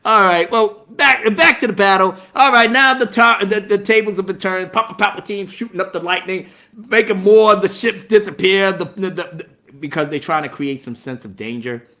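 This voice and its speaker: A man giving a casual, profane spoiler movie review, talking in an animated way and laughing often. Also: high-pitched, moderate pace.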